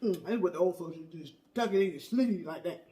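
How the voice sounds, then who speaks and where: A performer playing a loud, gossipy middle-aged auntie in a comedy skit, telling a story while eating. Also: mid-range voice, close to an everyday voice. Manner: animated, talks between bites of food; exclamatory, drawn-out "baby", "child", "honey". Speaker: comedy mukbang character.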